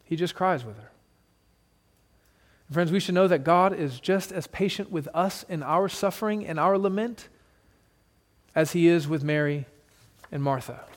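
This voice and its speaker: A male pastor preaching a sermon to his church, shifting dramatically between loud emphasis and hushed, soft passages. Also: on the high side, unhurried, long pauses, long reverb tail. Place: church sanctuary with congregation.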